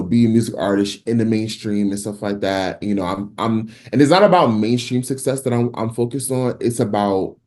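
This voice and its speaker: A man's voice: on the low side, mellow. A man from New Jersey, a singer, talking casually and animatedly in an interview, with lots of fillers and restarts. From Newark, New Jersey. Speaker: guest singer.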